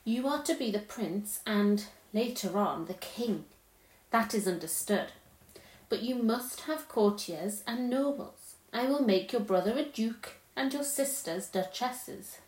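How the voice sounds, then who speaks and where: A woman's voice: on the high side, animated, unhurried, a little mellow. A woman reading aloud and voicing a cold, scheming queen who coaxes a boy with sweet, lilting promises and a commanding edge. The recording has a roomy echo. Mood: coaxing.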